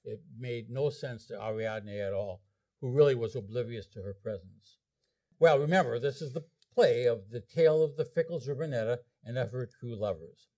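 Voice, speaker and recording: A man lecturing on an opera, retelling its plot in an animated storytelling way. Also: medium pitch, normal speed. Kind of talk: explaining an opera to an audience.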